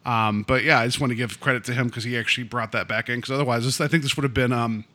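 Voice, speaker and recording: A man's voice: steady tone, racing, pushed and bright. A man co-hosting a podcast, talking about films in a loose, rambling way, with many restarts, acting out quoted lines. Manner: acts out quoted lines with raised pitch. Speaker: podcast co-host. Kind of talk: casual film discussion.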